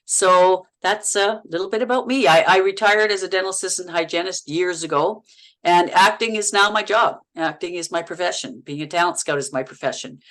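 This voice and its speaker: A middle-aged woman from Canada, an actress and podcast guest, telling on-set stories in a lively, laughing way, often repeating words as she goes. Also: lowish voice, brisk, low-quality recording. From Canada, Manitoba. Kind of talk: casual interview chat.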